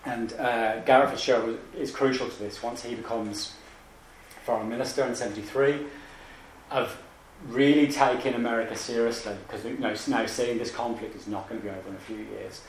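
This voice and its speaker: Male lecturer, mid-pitched, halting delivery full of restarts; echoey hall, mic set back, faint background noise. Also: steady tone, recorded from a distance. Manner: halting, many restarts and asides. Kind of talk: academic lecture.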